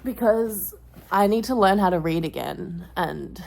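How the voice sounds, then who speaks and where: A young woman chatting to her camera in a loose, offhand vlog style. Her voice sits on the low side, and she rambles, trailing off into fillers. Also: expressive, a little slow, gravelly, a little mellow. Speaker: vlogger. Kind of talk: casual vlog chat.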